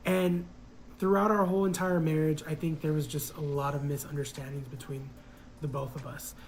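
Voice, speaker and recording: A man's voice: fairly high pitch, little pitch movement, moderate pace, slight background noise, rough recording. A man casually telling a personal story in a reflective, hesitant way, full of fillers.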